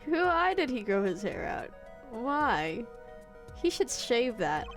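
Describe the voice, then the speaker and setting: A young woman streaming a game, chatting in a lively, giggly way as she reacts to what is on screen. Her voice sits a little high and swings up and down a lot, with music running faintly behind. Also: takes it slowly. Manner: giggly, animated. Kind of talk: casual let's-play commentary.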